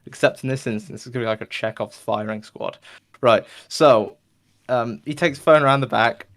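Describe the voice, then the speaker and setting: A man's voice: medium pitch, a little fast, creaky, a bit bright. A man hosting a podcast, telling a long rambling joke in a loose, casual way and filling it with whooshing sound effects. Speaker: podcast host. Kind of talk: rambling comedic storytelling.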